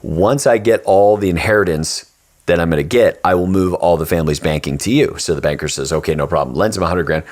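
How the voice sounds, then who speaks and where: A male podcast host in casual chat, telling a story with lively character voices and giving earnest advice. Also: deep voice, fast. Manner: animated storyteller, acts out the characters.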